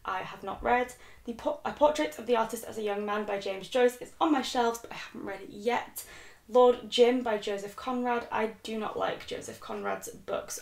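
A young British book vlogger speaks in a creaky, mid-range voice, reading a list aloud in a chatty, self-deprecating way. The casual talk was recorded in a room with noticeable echo.

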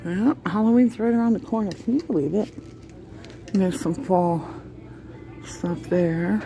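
A woman's voice: medium pitch, unhurried, creaky, mellow, slight background noise. A woman chatting casually to viewers while shopping, often chuckling, filmed on a handheld phone inside a large store. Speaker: shopping vlogger. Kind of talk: casual running commentary.

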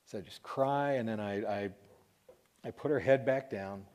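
A man's voice: lowish voice, a little mellow. Emotional man telling a painful story. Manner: emotional, voice breaking, pausing and restarting. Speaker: Christian radio host telling a personal story. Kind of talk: emotional personal testimony.

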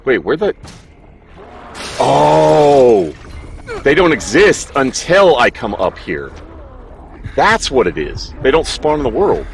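Young male streamer, allergies and throat-clearing, very expressive pitch swings, cusses freely, faint noise floor. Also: slow, pauses often. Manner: animated, swearing, laughing at his own play. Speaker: gaming streamer. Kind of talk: casual let's play commentary.

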